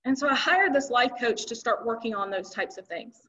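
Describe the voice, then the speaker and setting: A woman with a high voice giving a motivational keynote, chatty and emphatic, full of rhetorical questions. Her talk comes through on a dull, lo-fi recording. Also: expressive, moderate pace, fairly bright tone, far from the mic. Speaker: keynote speaker. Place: event hall with audience.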